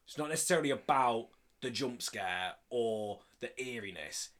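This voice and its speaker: A man co-hosting a casual film-review podcast, talking in an animated, enthusiastic way and swearing freely. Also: mid-range voice, normal speed. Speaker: podcast co-host.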